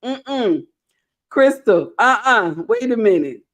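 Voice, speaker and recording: A middle-aged woman hosting a live stream, reading viewer comments aloud with animated, playful scolding. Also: a little high, slow pace. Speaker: host.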